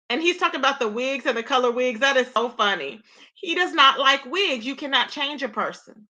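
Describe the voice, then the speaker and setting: A high-pitched woman hosts a chatty gossip livestream and keeps talking straight to her viewers. Her voice is bright and sharp, and her speech has features. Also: animated, normal speed. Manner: chatty, greets viewers by name, calls them babe and child. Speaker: YouTube commentary livestream host. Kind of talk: casual livestream gossip commentary.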